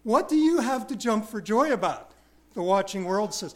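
A man preaching a verse-by-verse sermon in a high, light voice. He hammers his points home by repetition and swings from loud, drawn-out emphasis to quiet asides about himself. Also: animated. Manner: emphatic, repeats key words, self-deprecating asides. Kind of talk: expository sermon.

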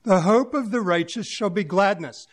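Guy preaching to his church, high voice, plain and musing, folksy examples. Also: normal speed. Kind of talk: sermon.

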